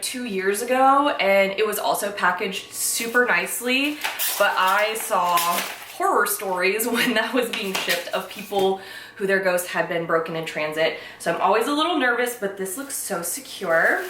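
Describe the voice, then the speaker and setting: A young woman casually unboxing on her vlog, gushing and excitable, close to tears at times. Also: mid-range voice, noisy background. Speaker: vlogger. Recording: echoey room from a distance.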